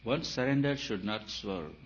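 A man giving a spiritual talk, emphatic and repetitive, his voice swelling and dropping in loudness. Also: on the low side, expressive, measured pace. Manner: emphatic, repeats phrases, rises and falls in loudness. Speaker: spiritual teacher. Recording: dull lo-fi recording with faint hiss.

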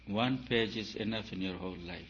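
Emphatic low-voiced man giving a spiritual talk. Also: normal speed. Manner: emphatic, repeats phrases, rises and falls in loudness. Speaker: spiritual teacher. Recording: dull lo-fi recording with faint hiss.

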